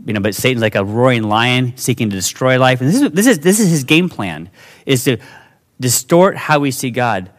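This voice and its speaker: Animated male pastor preaching. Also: normal speed. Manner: animated, jumps into high whiny voices acting out dialogue. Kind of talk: sermon.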